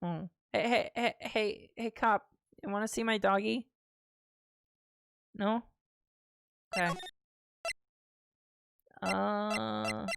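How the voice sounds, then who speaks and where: A woman's voice: mid-range voice, animated, very slow, creaky, long pauses, smooth, no echo, studio quality. A young adult woman streaming a game, chatting casually and playfully and reading the dialogue aloud. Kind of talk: casual playthrough commentary. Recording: game music behind.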